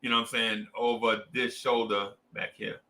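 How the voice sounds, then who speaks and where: His voice is lowish and bright with little pitch movement and a forceful push, at normal speed. He's a young adult New Jersey native with a matching accent, hyping up fans on a casual sports stream in slangy, repetitive fashion.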